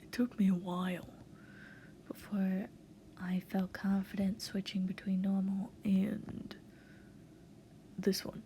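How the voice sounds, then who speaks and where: A woman voice artist giving tips in a casual voiceover, with a soft, half-whispered, hesitant delivery. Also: medium pitch, little pitch movement, takes it slowly, long pauses, slight background noise. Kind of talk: casual voiceover over a speedpaint.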